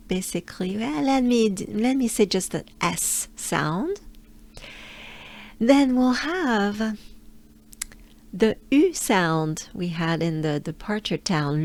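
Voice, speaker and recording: Slow, patient French pronunciation coach. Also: female voice, mid-range voice, lively intonation, darkish tone. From France. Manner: patient, drills sounds with repetition.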